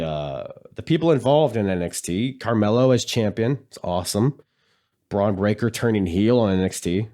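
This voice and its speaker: A man with a slightly low, nasal and raspy voice talks through a solo podcast episode. He rambles in an easygoing way, full of ums and uhs, and sounds a bit congested. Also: warm tone. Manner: rambling, easygoing, lots of fillers. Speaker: podcast host. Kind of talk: casual solo podcast chat.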